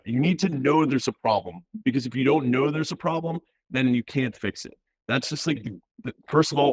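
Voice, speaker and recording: Low-pitched man, laid-back guest chatting in slang, dry close sound. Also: dry recording. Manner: relaxed, uses slang and filler words. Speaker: VP of platform engineering, guest. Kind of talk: casual interview chat.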